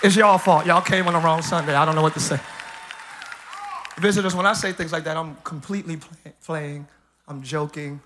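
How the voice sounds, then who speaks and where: A man preaching a live church sermon as pastor, joking with the congregation, hyped up and breaking into shouts and laughs. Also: a little high, moderate pace, some chatter behind, a little hiss or hum. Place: church service.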